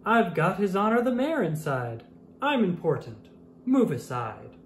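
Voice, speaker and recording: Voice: medium pitch, big pitch swings, a little slow, a little hiss or hum, voice pushed up. A reader voicing a proud, self-important limousine in a storybook, talking in a bossy, pompous way. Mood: haughty. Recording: roomy echo.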